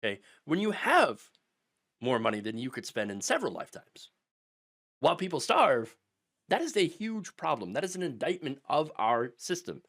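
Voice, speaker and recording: A man hosts a political commentary show in a slightly high voice that swings widely in pitch. He talks sarcastically and with energy, checking in with "okay?" after nearly every point. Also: normal speed. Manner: animated and sarcastic, with constant "okay?" tags and mocking mimicry.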